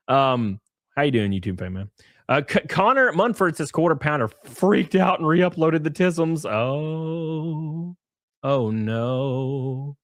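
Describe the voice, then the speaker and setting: A man with an ordinary middle-pitched voice hosts a livestream in loose, profane banter. He rattles through viewer messages and chuckles between them. The sound is dry and close, with no room echo. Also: animated. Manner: rapid banter, chuckles, reads messages aloud. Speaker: livestream host reading viewer donations. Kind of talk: casual profane livestream chat.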